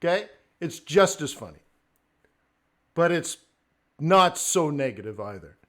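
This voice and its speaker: A man hosting a live trading stream, talking off the cuff and swinging between near-shouted rants and quiet asides. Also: fairly high pitch, big pitch swings, a little slow. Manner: acts out traders' inner voices in quotes. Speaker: livestream host, forex trading coach.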